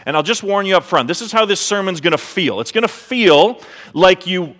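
A man with a high voice preaches a sermon, posing rhetorical questions in an easy, conversational way. His words ring out with a long reverb from a large church hall. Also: expressive, moderate pace, fairly bright tone. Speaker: pastor.

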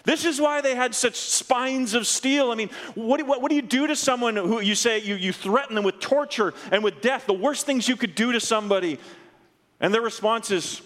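A man preaching a sermon, telling a story earnestly and dropping low and slow at solemn moments. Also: fairly bright tone, big-room sound. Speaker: pastor.

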